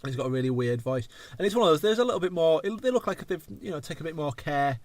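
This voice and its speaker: A man's voice: on the high side, animated, rapid-fire, no room sound. An English man in his thirties hosting a casual podcast chat, rambling and going off on tangents, swearing freely. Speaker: podcast host.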